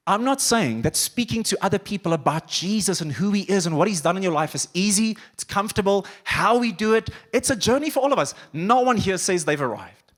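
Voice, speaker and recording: A man preaching a sermon as pastor, animated, acting out quoted voices and dropping to quiet intensity. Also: sits high, a little fast. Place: church auditorium.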